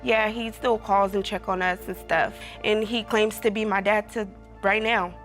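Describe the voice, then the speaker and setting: A woman's voice: medium pitch, fairly even intonation, normal speed, a bit bright. A woman in her late forties testifying in court, telling her story casually with many fillers. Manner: casual, filler-heavy retelling. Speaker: witness in court. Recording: faint music under courtroom audio.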